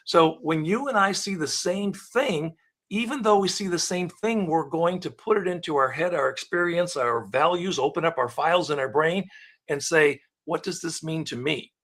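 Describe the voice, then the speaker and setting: A man coaching on asking better questions in a live online talk, acting out little dialogues as examples. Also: a little high. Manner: animated, acts out dialogue examples.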